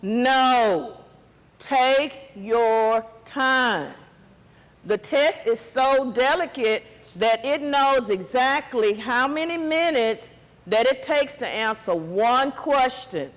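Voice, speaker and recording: A man's voice: very high voice, takes it slowly, fairly bright tone, in a large hall. A man teacher giving a test-prep lesson, quizzing students with call-and-response questions.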